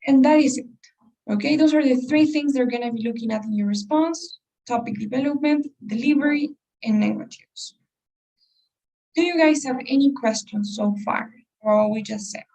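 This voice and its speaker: Woman teacher, a bit high and distant. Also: normal speed, mellow. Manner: explains with many rhetorical questions. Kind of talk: online class lecture.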